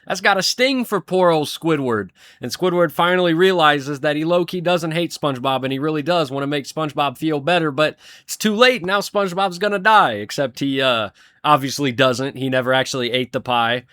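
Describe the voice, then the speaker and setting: A young man reviewing a show casually ranks cartoon episodes, rambling, swearing freely and chuckling often. His voice is on the high side, brisk and a bit bright, with studio-quality sound and no room audible.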